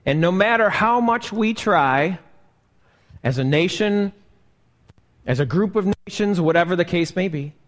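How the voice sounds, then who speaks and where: Slow, high-voiced preaching pastor in church. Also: male voice, fairly bright tone. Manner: slow, emphatic preaching with rhetorical questions to the congregation. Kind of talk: live sermon. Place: church sanctuary. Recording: live church recording with long reverb.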